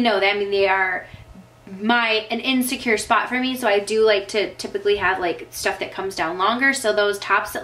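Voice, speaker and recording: A woman's voice: mid-range voice, fairly bright tone, rough recording. Tearful, chatty young woman vlogger. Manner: emotional, tearing up, filler-heavy. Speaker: vlogger answering viewer questions. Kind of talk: casual chat.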